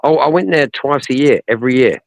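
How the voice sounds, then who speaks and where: A man's voice: medium pitch, brisk, gravelly, no room sound, rough recording. A man arguing bluntly and insistently on a live stream panel, swearing often. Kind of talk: heated live stream debate.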